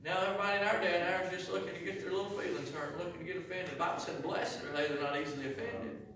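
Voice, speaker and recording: A man preaching an impassioned sermon in a church, swelling loud and dropping quiet. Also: sits high, level tone, racing, slight background noise. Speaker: pastor. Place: church sanctuary. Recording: echoey church heard from a distance.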